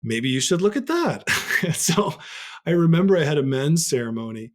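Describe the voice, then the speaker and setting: A man's voice: a little high, expressive, moderate pace. A man who is a podcast guest, telling a personal story in an earnest, reflective way, his voice leaping up when he relives moments.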